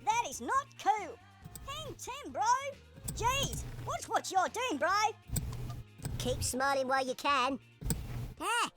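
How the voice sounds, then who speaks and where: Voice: very high-pitched, big pitch swings, slow, pauses often, heavily acted. Actors voicing cartoonish worm soldiers in a video game, barking exaggerated one-liners in many different accents. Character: assorted cartoonish worm soldiers, mixed ages. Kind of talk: game character voice clips. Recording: game music behind.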